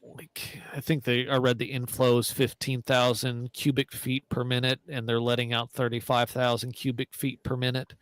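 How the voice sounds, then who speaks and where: Rambling mid-pitched man on podcast. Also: completely flat delivery, moderate pace, fairly bright tone, dry recording, rough recording. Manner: rambling, self-correcting. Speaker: podcast co-host. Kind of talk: casual podcast storytelling.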